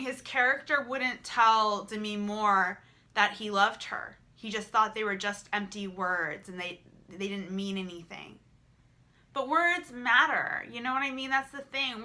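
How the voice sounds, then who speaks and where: Bright-voiced emotional young woman vlogger. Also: fairly high pitch. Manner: emotional, repetitive, swearing freely. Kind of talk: candid vlog monologue.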